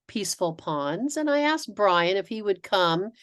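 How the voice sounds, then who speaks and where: A middle-aged woman giving a webinar presentation to dentists. She tells stories in an animated way, acting out quotes and often restarting her sentences. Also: medium pitch, measured pace. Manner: animated storytelling with acted-out quotes, frequent restarts. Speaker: dental practice consultant.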